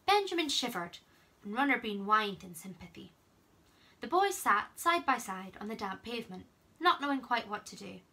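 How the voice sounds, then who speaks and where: A young woman camp counselor reading a children's storybook aloud, gently and expressively. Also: on the high side, big pitch swings, normal speed.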